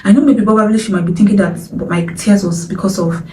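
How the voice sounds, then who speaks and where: A woman's voice: medium pitch, fairly even intonation, brisk, darkish tone, slight background noise. A young Nigerian woman telling a personal story in a candid, dramatic way, dipping into whispers. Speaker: vlogger. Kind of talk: storytime vlog. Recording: roomy echo, distant from mic, faint ambience.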